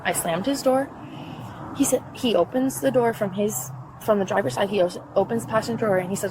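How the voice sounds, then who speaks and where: A woman's voice: a little high, brisk. A woman giving police a heated, profane account of a quarrel, acting out both sides, outdoors in a front yard. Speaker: complainant. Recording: noisy outdoor body-camera audio.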